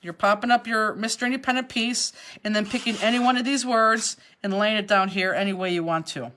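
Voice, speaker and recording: Woman craft instructor, live class host, chatty and instructive, mid-pitched voice. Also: brisk, a bit bright. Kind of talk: live online craft tutorial.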